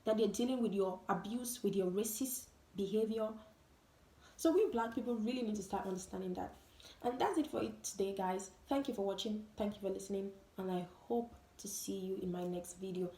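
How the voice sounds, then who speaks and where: A woman's voice: mid-range voice, a little fast, warm tone. A woman vlogger giving an emphatic, repetitive monologue full of rhetorical questions. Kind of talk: opinion vlog monologue. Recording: roomy echo.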